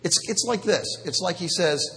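A man preaching a sermon, animated and jokey, with sudden loud bursts. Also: high voice, moderate pace, in a large hall. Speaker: pastor.

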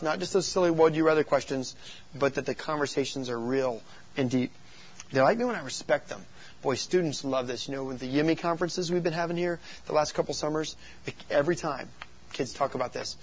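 A man's voice: fairly high pitch, brisk, slightly rough, lo-fi sound. A man who works as a youth pastor, speaking to other youth workers and telling stories animatedly. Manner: animated storytelling, acts out voices in quotes.

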